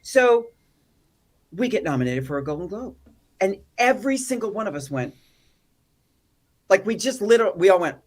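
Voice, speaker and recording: An animated woman in a relaxed interview, her pitch leaping up and down as she tells comic stories. She slips into quoted voices and keeps the telling playful. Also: moderate pace, pauses often. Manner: animated, comic storyteller who acts out quotes. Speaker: actor and activist guest. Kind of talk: storytelling in a casual interview.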